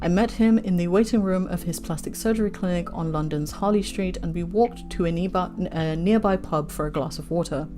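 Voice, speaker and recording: A woman's voice: fairly low pitch, a little fast, few pauses, warm tone, soft background music. Angry woman reading news aloud. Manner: swears often in heated asides, near tears.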